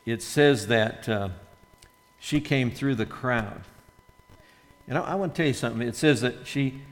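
A man preaching a sermon in church, conversational and repeating words as he acts out quoted voices. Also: medium pitch. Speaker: pastor. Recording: long hall reverb.

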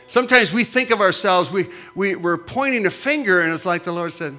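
A man's voice: high-pitched, animated, fairly quick, bright, forceful tone, faint music behind. A middle-aged man preaching as a pastor, with emphatic, punchy repetitions that rise and fall. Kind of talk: sermon.

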